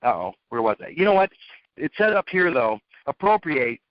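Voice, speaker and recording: A man with a notably high voice delivers a lecturing monologue, firing off rhetorical questions and repeating key phrases. The recording is dull and lo-fi, with a dry, close sound. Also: big pitch swings, normal speed, no room sound. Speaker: speaker.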